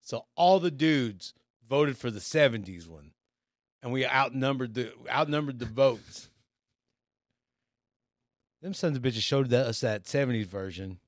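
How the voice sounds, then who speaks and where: A man who is a guest on a comedy podcast, telling stories in animated, casual chat and quoting others. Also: medium pitch, unhurried, pauses often, no echo, clean studio sound. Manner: animated storytelling with quoted voices.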